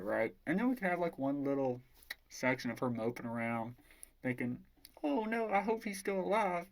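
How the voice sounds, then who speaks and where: Guy roasting a book, rambly and casual, swears a lot. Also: mid-range voice. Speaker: book reviewer. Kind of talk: casual book review, plot retelling.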